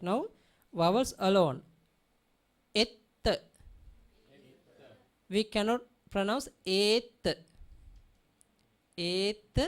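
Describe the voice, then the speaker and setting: Female teacher, slow deliberate delivery, repeats each word in drills, keeps asking if students follow. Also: medium pitch. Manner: drills pronunciation by repeating words, often checks understanding. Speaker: Pali teacher. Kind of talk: classroom language lesson.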